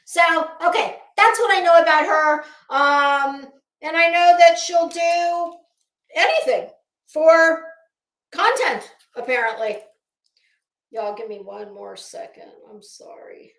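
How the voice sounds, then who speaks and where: A woman hosts a casual livestream in a bright, high voice. She is chatty and opinionated and speaks directly to her chat. The room around her gives a noticeable echo. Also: takes it slowly. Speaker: livestream commentary host. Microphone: phone.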